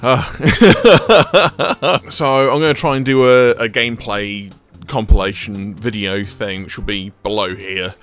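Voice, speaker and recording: A man giving casual gameplay commentary into a desk microphone, excitable and chatty and laughing often. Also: medium pitch, takes it slowly, smooth. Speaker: gaming video creator. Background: faint game music.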